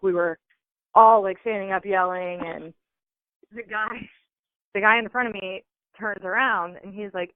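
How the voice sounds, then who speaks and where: A woman's voice: fairly low pitch, no echo. A woman calling in, telling a story casually and animatedly, with lots of fillers. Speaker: call-in guest. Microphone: phone. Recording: tinny phone line.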